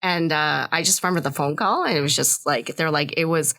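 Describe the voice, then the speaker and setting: A woman's voice: low-pitched, fairly quick, fairly bright tone. A woman in her thirties who grew up after moving from Vietnam, a podcast guest telling a family story in a loose, rambling way full of fillers and restarts. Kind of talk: casual interview chat.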